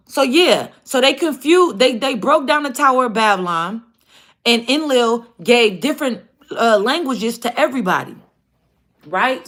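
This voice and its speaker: A woman hosting a livestream, telling a story in a casual, animated and profane way. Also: fairly high pitch. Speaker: livestream host.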